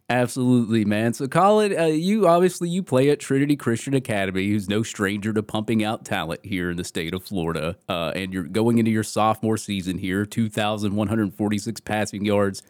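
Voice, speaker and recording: A man hosting a podcast and interviewing a guest, talking in an excitable, energetic way and often repeating words as he starts a sentence. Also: on the low side, brisk, no echo, studio quality. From Georgia. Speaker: podcast host.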